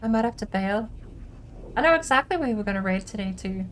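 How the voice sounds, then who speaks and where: A woman's voice: mid-range voice, lively intonation, a little fast, slight background noise, rough recording. A sleepy woman streamer, yawning and musing aloud to herself while playing a game. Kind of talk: relaxed gameplay chat.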